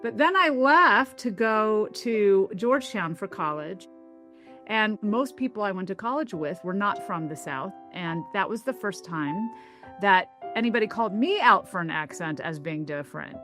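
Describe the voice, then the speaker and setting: A woman from the American South who is a linguist, telling stories and explaining ideas in a thoughtful, lightly animated interview. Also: medium pitch, normal speed, music in the background. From American South (Tennessee). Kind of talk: reflective interview storytelling.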